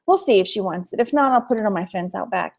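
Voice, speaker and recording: A woman's voice: medium pitch, animated, fast talker, gravelly, darkish tone. A chatty woman with a Texan accent hosting a live thrift haul stream, laughing often and reading viewer comments aloud. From Texas. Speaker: thrift haul livestream host. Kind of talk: casual live-stream chat.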